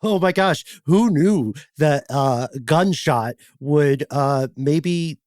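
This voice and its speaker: A man's voice: on the high side, takes it slowly, a little mellow, no echo. A man co-hosting a podcast, reacting with short, dry wisecracks. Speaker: podcast co-host. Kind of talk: casual chat, reacting.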